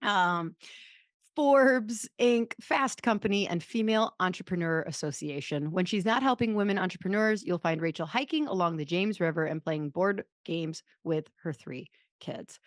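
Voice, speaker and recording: A woman in her thirties hosting a podcast in a casual, rambling chat, poking fun at herself as she goes. Her voice sits a little low. The sound is dry and close, with no room around it. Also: moderate pace, no room sound. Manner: rambling, self-deprecating storyteller. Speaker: podcast host.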